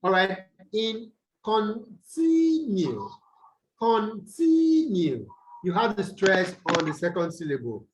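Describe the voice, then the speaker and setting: A man's voice: high voice, lively intonation, moderate pace, few pauses, a bit bright, a little hiss or hum, poor audio. A Nigerian man teaching English over a video call, repeating points and quizzing his students with "what?" prompts. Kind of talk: online tutorial lecture.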